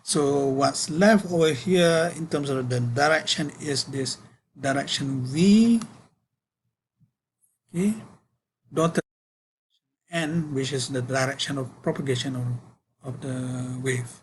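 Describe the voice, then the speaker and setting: A man gives a university physics lecture at a slow, deliberate pace. He talks at a middle pitch and often stops to correct himself between fillers. A faint hum runs underneath. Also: low-quality recording. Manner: slow, halting, with frequent fillers and self-corrections.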